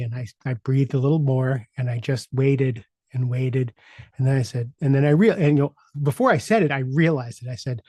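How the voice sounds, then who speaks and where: A middle-aged man hosts a coaching podcast and talks through a personal story in a loose, halting way, circling back with fillers and restarts. His voice is warm and mellow at an ordinary pitch. It is recorded dry and close, with no room sound. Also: no echo. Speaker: podcast host and executive coach. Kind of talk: casual personal storytelling monologue.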